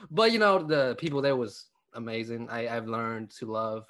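A man's voice: mid-range voice, unhurried, fairly bright tone. Young vietnamese guy, comedian guest, laid-back jokey chat, lots of uh and you know. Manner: joking, laughs often, many fillers. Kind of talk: casual interview chat.

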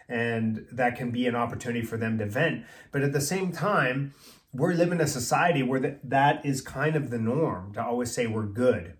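A man's voice: mid-range voice, moderate pace. A man who works as a personal trainer, co-hosting a podcast in casual chat and explaining things in an easygoing way. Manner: easygoing, explanatory, drifts into acted-out dialogue.

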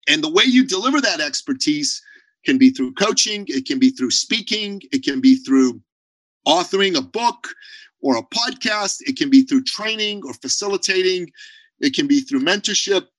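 A man as a podcast guest on a video call, talking in an emphatic, blunt way and telling animated stories. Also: on the high side, moderate pace, no echo, poor audio. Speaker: podcast guest, business owner. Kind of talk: energetic interview talk.

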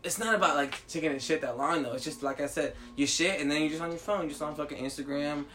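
Young man, casual chat, animated storyteller, fairly high voice, swears a lot. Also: fast talker. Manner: animated, swearing, acts out his own reactions.

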